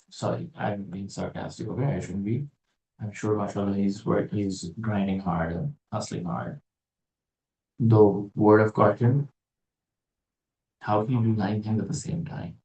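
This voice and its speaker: A man with a low, mellow voice gives a casual religious talk, thinking aloud and slipping in dry, sarcastic remarks. He sits back from the microphone, and the room adds a noticeable echo. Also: unhurried, creaky. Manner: musing, digressive, with wry sarcastic asides. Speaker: religious teacher. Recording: roomy echo, distant from mic.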